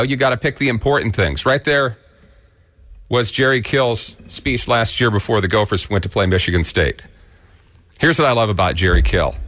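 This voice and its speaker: A man's voice: mid-range voice, fairly bright tone. A man from Kansas with a rural Kansas accent, giving blunt, folksy opinion commentary as a radio host.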